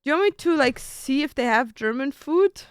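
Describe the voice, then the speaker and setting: A woman's voice: high-pitched, animated, normal speed, no room sound, studio quality. A young woman streamer chatting casually with her viewers, thinking aloud and swearing now and then as she picks food to order.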